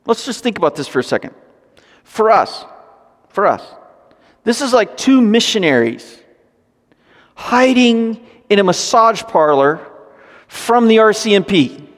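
Animated pastor in a reverberant hall. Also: male voice, sits high, measured pace, pauses often. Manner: animated, jokey asides. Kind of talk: sermon with scripture reading.

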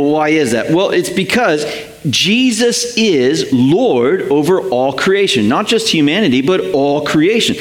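A man preaching a sermon, animated, repeating words for emphasis and checking in with "right?". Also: fairly high pitch, reverberant, poor audio. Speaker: pastor.

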